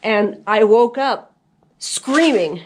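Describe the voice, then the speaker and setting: A woman's voice: fairly high pitch, lively intonation, slow, noisy background. A woman hiker talking to her camera on a mountain trail, chatty and giggly as she tells a story. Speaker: thru-hiker vlogger. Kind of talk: casual outdoor vlog narration.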